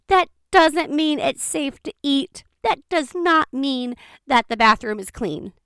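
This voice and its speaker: A woman telling a personal story in a chatty, expressive way, speeding up in quick bursts. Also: high voice, no room sound, clean studio sound. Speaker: vlogger. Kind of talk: casual storytime.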